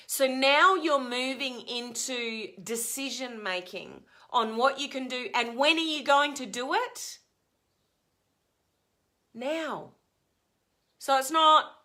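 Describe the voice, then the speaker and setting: A woman giving a live motivational coaching talk to her viewers, energetic and emphatic, acting out the complaints she quotes. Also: sits high, slow pace, long pauses. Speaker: life coach.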